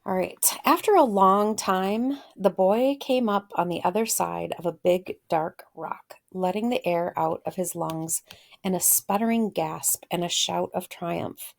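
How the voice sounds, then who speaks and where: A woman literature teacher reads a short story aloud and stops often to think aloud about it, pausing with fillers. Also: fairly low pitch, gravelly. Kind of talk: reading a story aloud with commentary.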